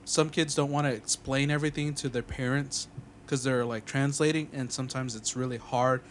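A man's voice: medium pitch, fairly even intonation, moderate pace. Easygoing man talking things through; light room noise behind him. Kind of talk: casual chat among friends.

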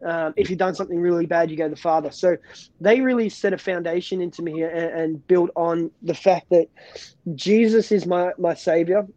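A man's voice: a little high, fairly even intonation, normal speed, mellow, no room sound, lo-fi sound. A man, a pastor, giving an earnest personal faith testimony in an interview, often restarting and repeating words.

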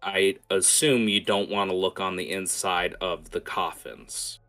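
A man narrating as game master of a tabletop game, quick and hesitant, with many fillers. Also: sits low, steady tone, fairly bright tone, faint music behind.

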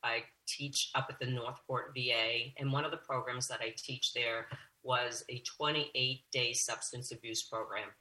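A woman who teaches yoga, a guest on a radio show, telling a story in an earnest, animated way. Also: a bass voice, measured pace, rough recording.

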